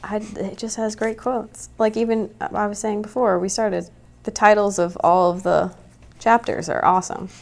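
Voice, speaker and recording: A woman's voice: mid-range voice, steady tone, normal speed, vocal fry. A young woman guesting on a podcast, chatting casually with lots of filler words and light laughter. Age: young adult. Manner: laid-back, lots of likes and giggles. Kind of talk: casual interview chat.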